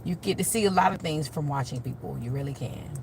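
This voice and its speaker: A woman who works in childcare telling casual stories to the camera, animated and emphatic, leaning on "literally" and "you know" as she acts out her own comebacks. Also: very deep voice, quick pace, creaky, background noise. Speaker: vlogger and childcare worker.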